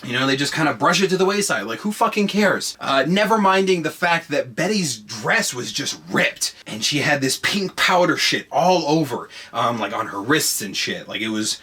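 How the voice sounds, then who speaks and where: A man hosting a podcast, telling a story comedically with heavy swearing, jumping between hushed lines and shouting. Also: a little high, moderate pace, hardly any pauses, breathy edge. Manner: profane, excitable, swings between hushed and shouting. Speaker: podcast host.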